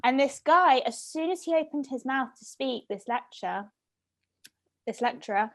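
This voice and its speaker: A young woman chats with friends over a video call. Her voice sits high. She tells her stories with energy and acts out what people said. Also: moderate pace. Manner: lively storyteller, acts out quotes. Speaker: guest. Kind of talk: casual chat.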